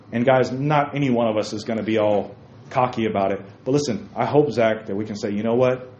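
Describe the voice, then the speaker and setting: A man with a lowish, darkish voice preaches at a moderate pace, leaving long pauses, to a group of young men in a church room. He stresses his points by repeating key phrases and naming listeners. The audio is lo-fi, dull and roomy, with faint noise.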